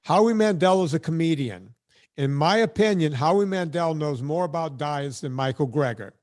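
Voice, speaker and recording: A man's voice: on the high side, animated, normal speed, darkish tone. A man hosting a podcast, ranting bluntly and sarcastically in casual chat. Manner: blunt, sarcastic, emphatic rants. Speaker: podcast host.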